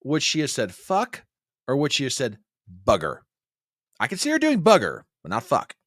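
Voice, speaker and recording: A man joins a casual live-stream chat, and his pitch swings widely from phrase to phrase. He often cuts in with quick, animated objections. His voice sounds dry and close. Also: no room sound. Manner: animated, interrupts with rapid objections.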